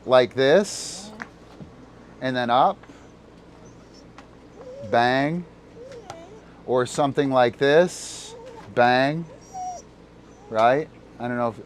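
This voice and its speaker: A man's voice: mid-range voice, a little slow, long pauses, slight background noise. A man hosting a live disc dog coaching stream. He explains moves with many fillers and breaks off to talk to his dog. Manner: rambling, full of fillers, talks to his dog between explanations.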